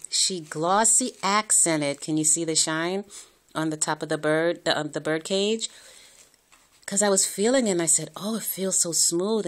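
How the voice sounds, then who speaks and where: Gushing, slow-talking woman crafter. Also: sits low. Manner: gushing, excitable, chatty with frequent apologies. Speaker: crafting vlogger. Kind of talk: casual unboxing chat to camera. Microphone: phone camera.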